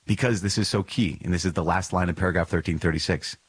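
A man's voice: low voice, steady tone, fast talker, slightly rough, no echo. A man hosting a podcast, reading and reflecting on a religious text. He speaks earnestly and emphatically, often repeats phrases, and chuckles now and then. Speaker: podcast host.

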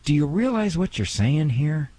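A man hosting a call-in radio advice show, talking to a caller in a gentle, pastoral way with many restarts. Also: fairly high pitch, very animated, moderate pace, a little hiss or hum, low-quality recording.

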